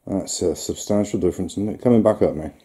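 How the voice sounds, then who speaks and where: Low, dark-voiced man rambling. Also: quick pace. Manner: rambling, talks to himself and the viewer with fillers and chuckles. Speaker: vlogger. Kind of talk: casual self-filmed commentary.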